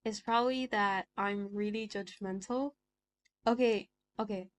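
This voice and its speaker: A woman's voice: medium pitch, steady tone, a little slow. A woman of about twenty chatting casually to camera, full of fillers and checking for agreement as she talks. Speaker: vlogger.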